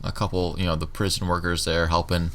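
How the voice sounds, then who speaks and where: Game master, man, low bright voice, loose and chatty narration. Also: fast talker. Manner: relaxed, filler-heavy scene-setting. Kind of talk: narrating a tabletop role-play.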